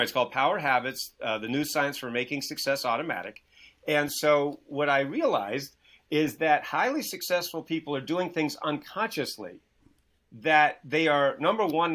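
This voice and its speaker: A man guesting as an author and success coach on a video call, telling stories with lots of "you know" and acting out the dialogue in them. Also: on the high side. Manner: energetic storyteller who acts out quoted dialogue; many fillers, "you know". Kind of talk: animated interview talk.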